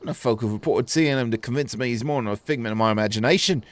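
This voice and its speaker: A man's voice: mid-range voice, fast, no room sound, close to an everyday voice. A man voicing a wordy male merchant in a video game, reading in a plain, matter-of-fact way.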